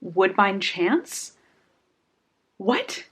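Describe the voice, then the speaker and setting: A woman's voice: medium pitch, sing-song, extremely slow, husky. A young woman vlogging about a book she is reading, talking casually and getting emotional, sighing and exclaiming.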